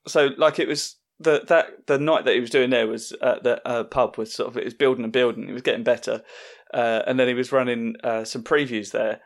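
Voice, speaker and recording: A man hosting a podcast, chatting casually in a relaxed, hesitant way with many fillers. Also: mid-range voice, brisk, vocal fry. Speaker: podcast host. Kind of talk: casual chat.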